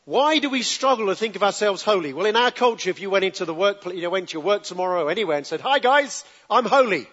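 A man preaching a sermon in a relaxed, conversational way, often asking the congregation to join in and answer back. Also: high-pitched, very fast, hardly any pauses. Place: church hall with congregation. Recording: dull lo-fi recording with long hall reverb.

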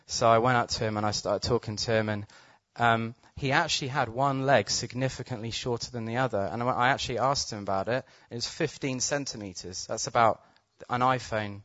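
Excitable preacher, dry dull sound. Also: male voice, mid-range voice, fairly quick, hardly any pauses, no room sound. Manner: excitable, laughing, urgent declarations. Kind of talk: testimony storytelling and healing prayer. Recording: dull, slightly muffled sound.

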